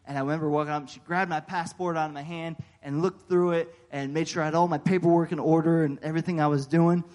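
An American man preaching a sermon, telling a personal story in a folksy, animated way with frequent fillers and amens. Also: a little high, quick pace. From United States. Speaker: pastor.

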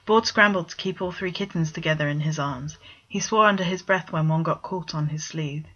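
A low-voiced woman reads a story aloud in plain, steady narration. The sound is dull and lo-fi, like a home recording. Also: fairly quick. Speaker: story reader. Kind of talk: reading fan fiction aloud.

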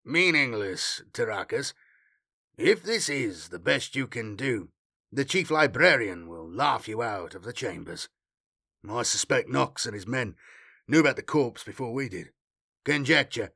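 A man's voice: mid-range voice, sing-song, unhurried, vocal fry, pushed and bright, dry recording, studio quality, exaggerated voice. A man voicing a stern male warrior captain who speaks in a cold, reprimanding way.

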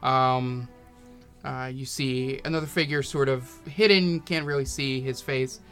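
A man narrating as game master in a tabletop game, talking haltingly with many fillers. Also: mid-range voice, steady tone, fairly bright tone, soft background music.

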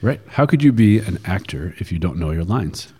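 A man co-hosting a casual talk show, telling stories with animated quoted asides. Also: low voice, normal speed, breathy edge. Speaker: podcast co-host. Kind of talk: casual conversational chat. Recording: long hall reverb.

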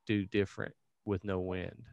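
A man's voice: low-pitched, flat delivery, normal speed, gravelly, a little mellow, dry recording, dull audio. A man, telling a story in casual group chat with a dry, teasing manner. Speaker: paramotor pilot.

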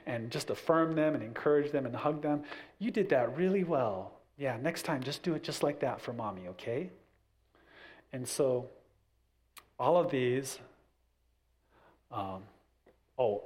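A middle-aged man talking casually about raising children, acting out little family scenes as he goes. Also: mid-range voice. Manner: animated, acts out little scenes with family voices. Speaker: parent giving parenting advice. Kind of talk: casual talk.

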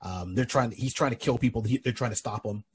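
A man's voice: mid-range voice, brisk, husky. A man hosting a podcast, casually and animatedly retelling a comic book story with many restarts. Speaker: podcast host. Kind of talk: casual chat.

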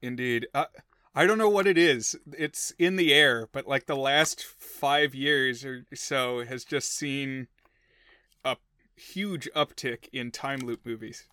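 A man co-hosting a casual film podcast, chatty and joking, with quick asides. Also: medium pitch, sharp tone, clear, resonant tone, no echo, clean studio sound. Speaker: podcast co-host.

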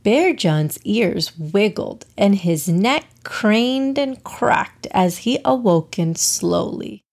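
A woman narrating a children's storybook in a calm, measured way. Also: mid-range voice, gravelly.

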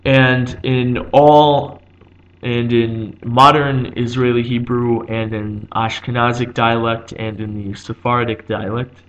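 A man explaining a subject in an unscripted, lesson-like way. His voice sits mid-pitch, and he pauses often to think, filling gaps with ums and starting sentences over. The recording sounds dull and lo-fi. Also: steady tone. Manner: thinking aloud, with frequent ums and restarts.

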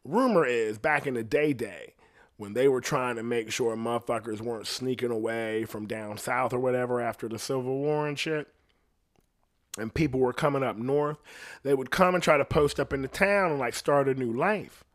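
A man telling a story in a casual, animated monologue, swearing freely and putting on voices for the people he quotes. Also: mid-range voice, moderate pace. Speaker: singer recounting a story.

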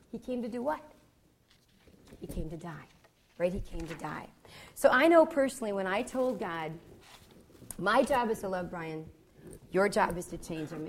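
A woman's gravelly, medium-pitched voice with a darkish tone carries a teaching talk for married couples, over a little hiss or hum. Sociable and a touch goofy, she often pauses to ask the seminar audience "okay?".

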